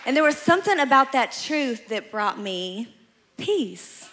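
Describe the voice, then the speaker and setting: A woman's voice: high voice, sing-song, a little slow, fairly bright tone, slight background noise. A woman pastor preaching a sermon, telling a story with playful asides and acting out voices.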